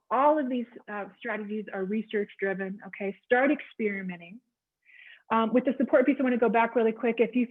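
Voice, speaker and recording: A woman counselor giving a conversational, encouraging wellness talk with frequent ums. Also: on the high side. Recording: tinny phone-like line.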